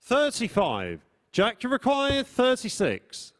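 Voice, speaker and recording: A man's voice: very high-pitched, huge pitch swings, slow, noisy background. A man calling darts scores as the referee, drawing out each number in long sung calls.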